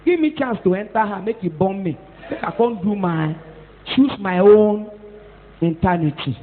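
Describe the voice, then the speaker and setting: A woman's voice: medium pitch, normal speed, pitched below the performer's own voice, lightly acted. A Nigerian-accented woman voicing a male goat that earnestly pleads with God for a chance. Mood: pleading. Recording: tinny phone-like echoey hall.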